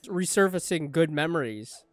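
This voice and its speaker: Excitable man swearing through a reaction. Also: fairly high pitch, normal speed, soft background music. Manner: excitable, profane, swings from shouting to hushed. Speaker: anime reaction streamer. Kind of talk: live reaction commentary.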